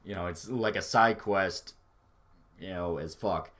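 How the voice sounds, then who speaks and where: Unhurried and somewhat low-voiced, this streamer reads his chat in a relaxed livestream. His talk drifts loosely between thoughts, easygoing and full of profanity as he responds.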